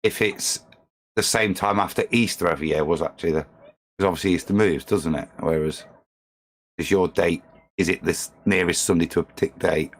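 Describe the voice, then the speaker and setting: A man with a low, deep voice chats on a live stream. He goes into a lot of detail and thinks aloud as he speaks. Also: a little fast. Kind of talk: casual live-stream chat.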